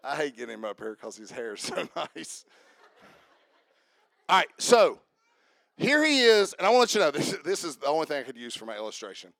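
A pastor delivers a sermon in a fairly high male voice that sits close and dry on the mic. He keeps it lively and conversational, calling out to the congregation and pulling people up front. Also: a little fast, vocal fry, long pauses, no room sound. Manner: lively, interactive, calls on the congregation. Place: church.

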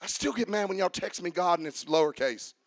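A man preaching a sermon, swinging from quiet talk to shouting and chanting as he coaches the congregation. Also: high-pitched, expressive, fairly quick, no echo.

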